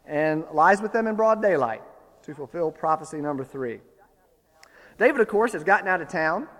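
A man preaching a sermon, retelling a story with lively, building emphasis. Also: on the high side, long reverb tail. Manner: storytelling, animated, rising to forceful emphasis.

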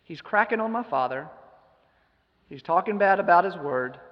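A man's voice: high-pitched, expressive, normal speed, big-room sound, lo-fi sound. A man giving a sermon, retelling a scripture story with emphatic rhetorical questions. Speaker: preacher.

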